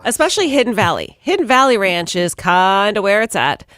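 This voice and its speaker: A woman co-hosting a morning radio show, reading news items briskly and joking with the hosts. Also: medium pitch, sing-song, a bit bright, no echo, studio quality. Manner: brisk, reads headlines then jokes.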